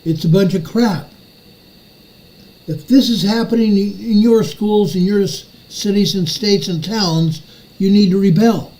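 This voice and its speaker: Slow, mellow-voiced older man ranting furiously. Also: high-pitched, rough recording. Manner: furious, repeats phrases for emphasis. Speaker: show host. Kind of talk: ranting commentary monologue.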